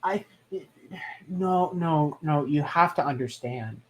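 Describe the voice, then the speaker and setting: A podcast co-host in a casual recap who talks slowly and unhurriedly. The humor runs dry and sarcastic, with casual swearing along the way. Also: mid-range voice, slight background noise.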